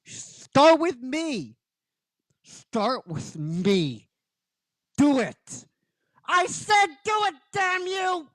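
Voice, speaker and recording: A man's voice: very high voice, sing-song, fairly bright tone, no room sound, pitched above the performer's own voice, heavily acted. A man doing a battered young heroine, pleading. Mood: defiant. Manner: slow, pleading and strained. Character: injured young female ranger, defiant.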